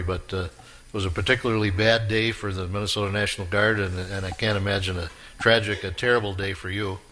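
A man hosting a radio interview show, asking encouraging questions with halting fillers. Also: on the low side, a bit bright, slight background noise.

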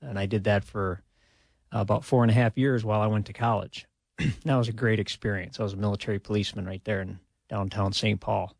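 A man's voice: on the low side, brisk, creaky, slightly rough, dry recording. A man, a retired army officer talking modestly in a radio interview, chuckling often. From Minnesota, USA. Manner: relaxed and modest, chuckles often, many "uh" fillers.

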